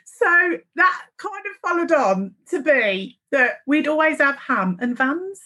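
A woman co-hosting a podcast in a casual chat, playful and teasing, quick to laugh. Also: high-pitched, big pitch swings, bright, forceful tone. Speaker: podcast co-host.

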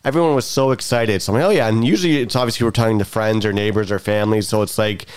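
A man co-hosting a casual podcast chat, telling an animated anecdote and acting out the people in it. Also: on the low side, very fast, smooth. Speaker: podcast co-host.

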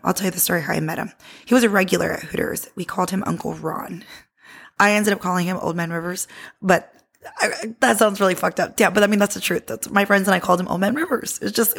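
A woman's voice: on the low side, a bit bright. A woman in her thirties hosting a podcast, telling a story from her own life in a casual, candid way and swearing freely. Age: 30s. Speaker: podcast host.

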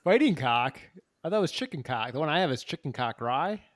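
A man's voice: on the high side, expressive, brisk. A man co-hosting a podcast in casual chat, laid-back and rambling with lots of fillers. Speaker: podcast co-host.

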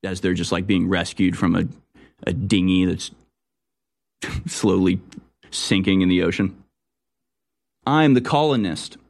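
A man's voice: low-pitched, monotone, a little slow, creaky, long pauses, darkish tone. A man hosting a talk radio show, giving sarcastic, rambling political commentary. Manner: mocking, sarcastic, loose and rambling.

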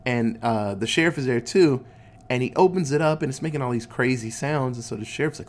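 A man's voice: medium pitch, a little fast, slight background noise. A man casually recapping a movie, laid-back and swearing a lot, acting out the characters' lines in goofy voices. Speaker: podcast host recapping a movie.

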